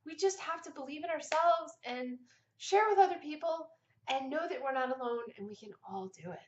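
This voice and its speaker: A middle-aged woman vlogger with a high voice tells a personal story casually and animatedly, laughing now and then. Her voice rings in an echoey room, and the recording sounds a little dull. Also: expressive, brisk, slight background noise.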